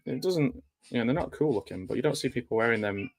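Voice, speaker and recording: A man with a mid-range voice talks fast and animatedly over a film, giving casual, joking live commentary. He's chatty and wry, full of dry jokes and frequent fillers, and there's no echo.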